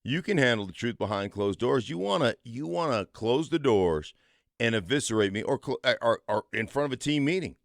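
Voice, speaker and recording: Give me an emphatic former football player in his fifties co-hosting sports radio, lively pitch, dry studio mic. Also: fairly quick, gravelly, no room sound. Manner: emphatic, tells stories with conviction.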